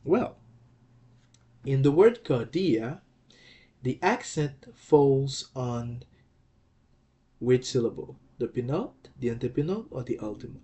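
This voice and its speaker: A man gives a patient lecture on a language lesson, taking his time. He speaks at a slow, deliberate pace, sounding out words syllable by syllable and pausing to ask "okay?" along the way. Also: mid-range voice, animated, mellow. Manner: patient, repeats and checks with "okay?". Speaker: language teacher.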